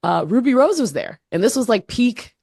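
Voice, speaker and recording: A woman co-hosting a podcast, telling stories in a casual, animated way with lots of fillers. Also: a little high, moderate pace, vocal fry, no echo, clean studio sound. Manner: animated storyteller, laughing, many fillers. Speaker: podcast co-host. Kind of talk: casual chat.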